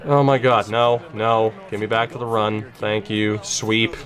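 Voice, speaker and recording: A young man commentating his own football video game, emotional and swearing, going from tense muttering to high yelling. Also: little pitch movement, measured pace, crowd noise. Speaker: gaming YouTuber. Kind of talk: gameplay commentary.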